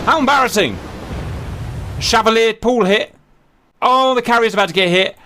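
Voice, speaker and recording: A man commentating a simulated naval battle to his viewers, animated and jokey, swearing as things go wrong. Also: very high voice, moderate pace, a little hiss or hum. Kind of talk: excitable game commentary.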